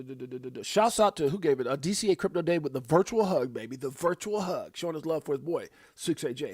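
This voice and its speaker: A middle-aged man hosts a live stream, reeling off shout-outs to his viewers. His voice sits slightly high, and his delivery is animated and joking, with drawn-out hype calls. The sound is close and dry, with no room around it. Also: dry recording. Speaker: livestream host.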